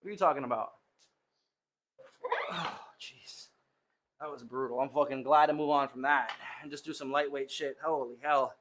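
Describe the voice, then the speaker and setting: A slightly high-voiced man talks casually to his viewers from a home gym. He sounds winded and worn out from heavy lifts, and he rambles and cracks jokes between sets. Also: fairly bright tone, slight background noise. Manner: joking, rambling, talks to chat. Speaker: livestreamer. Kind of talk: casual livestream chat between lifting sets.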